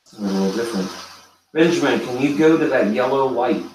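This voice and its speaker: A man hosting a live ghost hunt, calling softly and coaxingly to a spirit in a large old hotel room. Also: medium pitch, animated, quick pace, far from the mic, a little hiss or hum. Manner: hushed, coaxing calls to a spirit. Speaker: paranormal event host. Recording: very echoey room, voice from afar.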